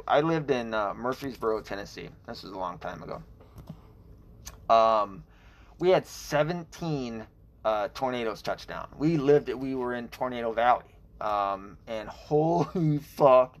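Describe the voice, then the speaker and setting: A man hosting a casual livestream, talking bluntly and profanely, restarting often and chuckling at himself. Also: mid-range voice. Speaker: livestream host. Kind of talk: casual rambling livestream talk.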